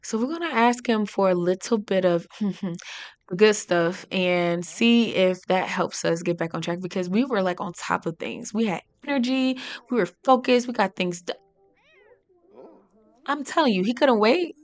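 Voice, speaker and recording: A woman's voice: medium pitch, moderate pace. Chatty woman narrating a life-sim game. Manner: chatty, giggly, narrates the characters' feelings. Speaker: gaming channel host. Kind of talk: casual let's play commentary.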